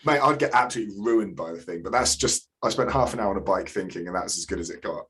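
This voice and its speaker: A man's voice: on the low side, quick pace, a bit bright. A man, co-hosting a casual podcast and telling stories loosely, with frequent swearing. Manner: swearing, storytelling, laughs often. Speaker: podcast co-host. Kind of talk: casual chat.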